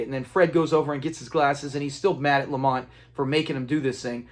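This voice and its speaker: A man's voice: on the high side, steady tone, fast talker. A man casually recapping a classic sitcom episode, retelling scenes, acting out quotes and chuckling along. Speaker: TV episode reviewer.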